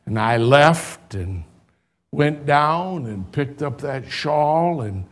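An older man, a pastor, telling a personal story in a sermon, animated at first and later quiet and tender. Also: on the high side, slow.

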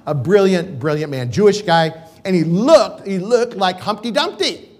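A man's voice: sits high, lively intonation, moderate pace, darkish tone. An older man, a pastor, telling an emotional personal story in a sermon, rambling with restarts.

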